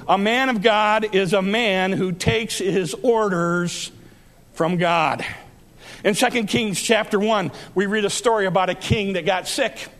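A man's voice: sits high, fairly bright tone. A man preaching a sermon, telling a Bible story and acting out its speakers with rising emphasis.

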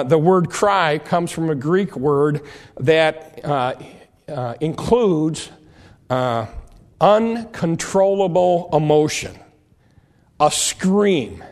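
Male preacher, fairly high voice, halting sermon delivery with frequent restarts. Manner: repeats and restarts words, explaining scripture verse by verse.

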